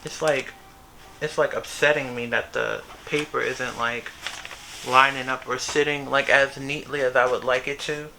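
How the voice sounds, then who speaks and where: A man's voice: mid-range voice, steady tone, normal speed, gravelly, low-quality recording. A young man, chatting casually and rambling to himself while he works on a sewing project at home. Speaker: vlogger. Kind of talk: casual talk to camera. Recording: background music under voice.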